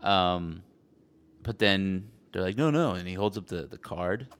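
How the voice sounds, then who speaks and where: Low-voiced man telling a story. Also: a little slow, clear, resonant tone. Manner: animated storytelling, swears casually, mimics other people. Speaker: podcast co-host. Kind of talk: casual chat.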